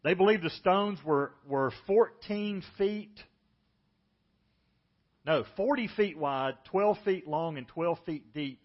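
A middle-aged man preaching a sermon as pastor, telling the story vividly and acting out the voices he quotes. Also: takes it slowly. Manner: storytelling, acts out quoted speakers with lifted pitch. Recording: dull lo-fi church audio.

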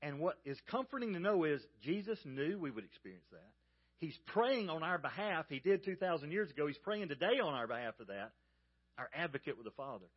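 A pastor from the American South with a Southern accent, preaching a sermon in a folksy storytelling manner and speaking straight to the congregation. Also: male voice, a little high, very animated, brisk, husky, lo-fi sound. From Georgia, US South.

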